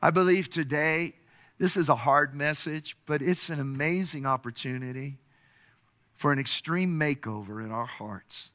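A man's voice: on the high side, measured pace, a bit bright. A pastor preaching a sermon, telling stories and building to earnest, impassioned appeals to his congregation.

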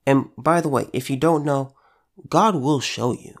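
A preacher with a medium-pitched voice gives an informal devotional talk at an unhurried pace. He speaks in an earnest, conversational way, repeating phrases for emphasis and sometimes restarting.

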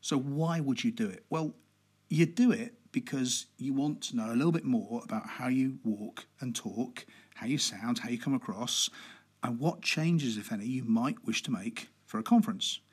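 A man hosting a podcast about public speaking, talking in a relaxed, conversational way with fillers and a deliberately slow pace. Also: medium pitch, breathy edge. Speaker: podcast host.

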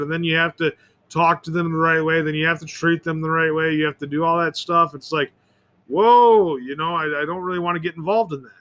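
A man's voice: a little high, bright, forceful tone. A man rambling through an opinionated solo monologue as host of his own show, often restarting and repeating words. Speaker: podcast host.

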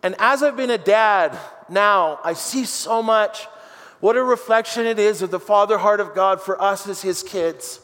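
A man preaching with a high, bright-pitched voice and an animated, jokey manner that builds to shouted declarations. His sermon rings out in a church hall with a long, trailing reverb. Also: a little slow. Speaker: pastor.

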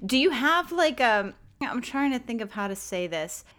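A woman's voice: on the high side, very animated, moderate pace, a bit bright. A woman interviewing a guest in a casual chat, thoughtful and searching for words as she asks her questions.

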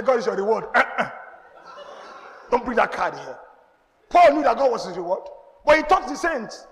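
Nigerian pastor guy preaching, high voice, calls out to the church, big echo hanging in the hall. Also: very animated, unhurried, long pauses, fairly bright tone, a faint crowd. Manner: emphatic call-and-response preaching. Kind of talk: sermon. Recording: long reverb in a large hall.

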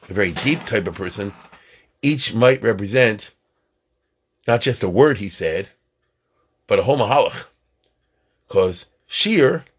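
A man with a husky, breathy voice at a middle pitch gives an informal religious lecture. He talks in a loose, chatty way, often asking his listeners whether they follow him. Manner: chatty, checks in with listeners, counts aloud. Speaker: religious teacher.

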